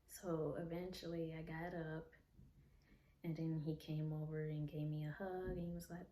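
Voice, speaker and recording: A young woman vlogger telling a personal story in a soft, candid, unhurried way. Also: sits low, little pitch movement, slight background noise. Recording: echoey room, faint ambience.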